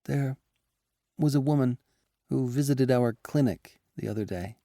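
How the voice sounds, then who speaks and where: A man voicing an earnest, composed adult female doctor in a raised, gentle and measured voice. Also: medium pitch, gravelly, dry recording, studio quality, pitched above the performer's own voice. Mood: explaining.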